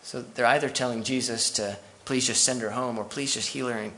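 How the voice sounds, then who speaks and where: A man's voice: medium pitch, steady tone, a little fast, pushed and bright, a little hiss or hum. A man preaching a sermon as pastor, conversational and full of asides to the congregation.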